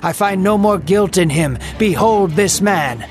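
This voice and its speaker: A man's voice: high-pitched, unhurried, voice pushed up. A desperate Roman governor pleads and commands with raised voice, as a male storyteller puts him on. Music plays strongly under the dramatic storybook reading. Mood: exasperated shouting.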